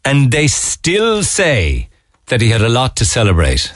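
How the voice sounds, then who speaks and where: A man's voice: mid-range voice, wildly swooping pitch, slow, pauses often, a bit bright, no room sound. A man hosting a radio show, chatting casually with rambling jokey asides. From Ireland. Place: radio studio. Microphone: studio microphone.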